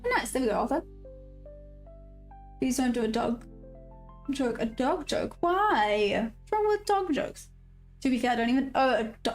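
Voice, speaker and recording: A woman's voice: high voice, big pitch swings, moderate pace, pauses often, faint music behind. Chatty South African woman streamer. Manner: chatty, reads chat aloud and answers viewers. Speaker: livestream day trader. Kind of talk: casual live-stream chat.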